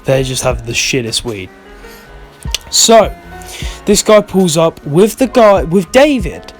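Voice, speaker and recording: A man's voice: on the high side, very animated, slow pace, faint music behind. A young man telling a rambling, swear-filled storytime in a vlog, often losing his thread. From United Kingdom. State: stoned. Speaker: vlogger.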